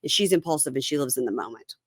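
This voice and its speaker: A woman's voice: a bass voice, expressive, rapid-fire, husky, no room sound, clean studio sound. A woman hosting a casual reality TV recap podcast. She talks frankly and retells scenes by quoting the people in them. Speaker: podcast host.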